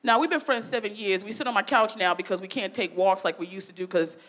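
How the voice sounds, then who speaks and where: A woman performing a stand-up comedy routine, brash and profane, shouting her punchlines. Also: medium pitch, fairly even intonation, fast. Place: festival comedy stage.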